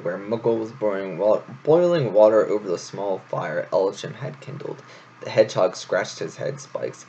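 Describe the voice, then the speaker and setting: A man's voice: on the low side, animated, moderate pace, a little mellow, slight background noise. A man casually reading a novel aloud and chatting about it with rambling asides, in a dull lo-fi home recording. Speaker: reader of a novel. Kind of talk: casual read-aloud storytelling.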